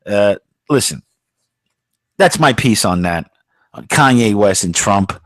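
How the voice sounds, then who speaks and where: A man's voice: on the low side, expressive, slow pace, a bit bright, no echo. Guy on a podcast ranting, swears a lot, kinda aggressive way of talking, dry sound. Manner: blunt, profane, calls himself aggressive-sounding. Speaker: podcast co-host. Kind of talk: casual opinion rant.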